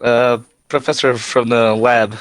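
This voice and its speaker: A man's voice: medium pitch, flat delivery, unhurried, no room sound. A man player in a tabletop game on a call, easygoing and upbeat. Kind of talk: casual play.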